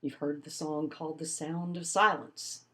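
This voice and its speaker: An older woman lectures in a recorded class. Her voice sits fairly low, and her delivery is demonstrative and expressive, with lively emphasis. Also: normal speed. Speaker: college instructor.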